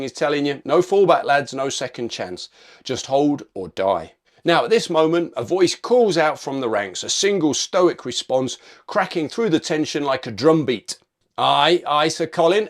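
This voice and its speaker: A man narrating a military history video in a punchy, informal scripted style with casual asides. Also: mid-range voice.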